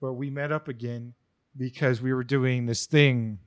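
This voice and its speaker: A man's voice: medium pitch, fairly even intonation, measured pace, smooth, dry recording. A young man chats on a podcast in a loose, meandering way, full of likes and ums. He sits close to the mic in a dead, dry room. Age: young adult. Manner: rambling, lots of likes and ums. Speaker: podcast co-host. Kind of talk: casual chat.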